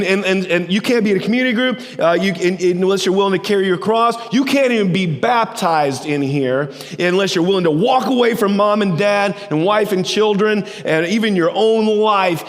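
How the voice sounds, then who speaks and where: A male pastor with a Southern US accent, preaching a sermon with passion and often repeating words as he presses a point. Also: high-pitched. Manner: impassioned, repeats words when pushing a point. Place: church sanctuary. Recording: long hall reverb of a church.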